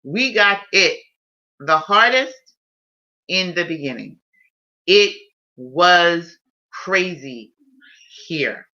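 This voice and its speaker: A woman's voice: deep voice, bright, forceful tone. A woman hosting a casual live stream, telling a personal story in an emotional, heartfelt way. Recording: dull lo-fi stream audio.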